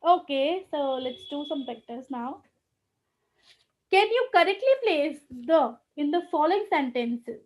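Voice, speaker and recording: Woman, grammar teacher, high voice, patient step-by-step explaining, lots of okays. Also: expressive, unhurried. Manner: explains step by step, frequent "okay" checks and repeats. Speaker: online English grammar teacher. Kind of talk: live online class lecture.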